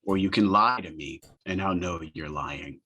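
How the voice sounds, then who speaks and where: Guy doing a scary warrior interrogating someone, low, punchy voice, cold and slow threats. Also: bright, forceful tone, dull audio, slight background noise. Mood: menacing. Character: grim male warrior threatening a captive.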